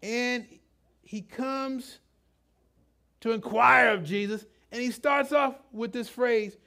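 A middle-aged man preaches a sermon in a loose, conversational way. His voice sits fairly high, and he often stops, restarts, and drifts into asides. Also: fairly even intonation, takes it slowly, gravelly, bright, forceful tone. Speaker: pastor.

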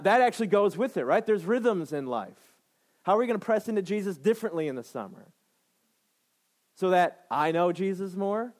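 A man in his thirties preaches a sermon as pastor, his voice a little high and a little mellow. He speaks with emphasis, repeats phrases, and keeps asking the congregation "right?"

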